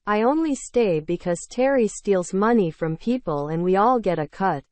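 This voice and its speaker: A woman's voice: mid-range voice, lively intonation, normal speed, darkish tone, no room sound, natural voice. Woman as ex-diner cook, resentful, broken english, earnest, dry close sound. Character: former diner cook testifying against her boss, resentful.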